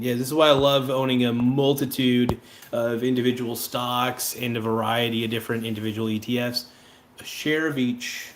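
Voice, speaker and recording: A man's voice: mid-range voice, fairly bright tone. A man hosting a casual livestream, rambling and joking with viewers between offhand remarks. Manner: rambling, joking, breaks into improvised sung rhymes. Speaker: livestream host. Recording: echoey room, faint ambient noise.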